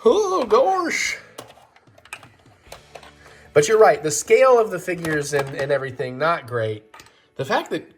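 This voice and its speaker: A man hosting a home vlog, joking and thinking out loud while he puts a toy together. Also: fairly high pitch, big pitch swings, brisk, a little hiss or hum. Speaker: vlog host. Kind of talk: casual chat while assembling a toy set.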